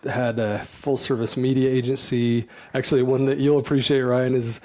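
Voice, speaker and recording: A man's voice: medium pitch, little pitch movement, moderate pace, darkish tone. A middle-aged man, a podcast guest, telling his personal story candidly and with emotion. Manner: earnest, emotional, laughs easily.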